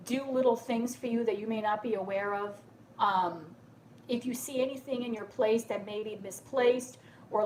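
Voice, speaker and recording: A woman with a slightly high voice gives a gentle, reassuring tarot reading, often pausing to ask "okay?". She sounds tearful and emotional, her voice soft and consoling. A faint background noise sits behind her. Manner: soothing, reassuring, keeps asking "okay?". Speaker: tarot reader. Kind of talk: live tarot reading to viewers.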